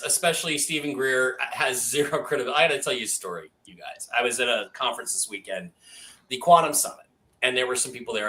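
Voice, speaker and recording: A man hosting a casual panel talk show, brash and profane, telling animated stories and putting questions to his guests. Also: mid-range voice, low-quality recording. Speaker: host.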